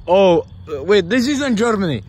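A man's voice: high voice, sing-song, normal speed, darkish tone. A young man voicing a crude, mocking Russian prankster, talking in a put-on Russian accent and mixing in Russian swearing.

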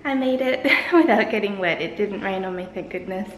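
A woman's voice: medium pitch, moderate pace, reverberant, very noisy. A woman vlogger from Australia chatting casually to a handheld camera, giggly and self-mocking. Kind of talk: casual vlog chat. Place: at home and walking outdoors on a street.

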